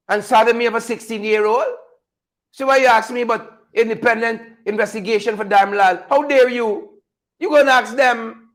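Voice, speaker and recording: A Guyanese man with a very high voice hosts a political livestream. He is sarcastic and keeps repeating himself. He pleads with his viewers. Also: fairly bright tone, rough recording. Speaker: host of a political commentary livestream.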